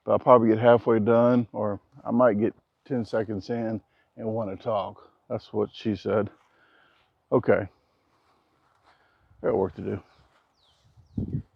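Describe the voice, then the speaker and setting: Low-voiced man joking on an outdoor vlog. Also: flat delivery, slow, gravelly, pauses often, husky, no room sound, dull audio. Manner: joking, rambling, self-deprecating asides; keeping his naturally loud voice down. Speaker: vlogger. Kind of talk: casual vlog talk to camera. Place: outdoors at a backyard building site. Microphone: action camera.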